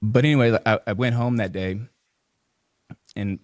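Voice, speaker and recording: A man in his thirties, a podcast guest, telling a personal family story in a halting, earnest way with many fillers and restarts. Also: lowish voice, darkish tone, dry recording, studio quality. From Houston, Texas.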